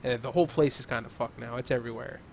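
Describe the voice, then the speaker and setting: A young man co-hosting a video game chat, talking loosely and profanely, laughing easily and getting excited. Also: mid-range voice, racing, gravelly, slight background noise. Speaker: gaming channel co-host. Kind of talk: casual chat.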